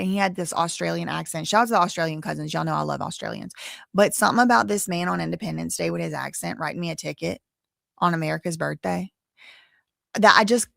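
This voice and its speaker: Gravelly-voiced woman ranting bluntly. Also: on the low side, a bit bright, no room sound, clean studio sound. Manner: blunt, indignant, cursing, chatty with viewers. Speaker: host. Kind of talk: casual commentary on a live case update.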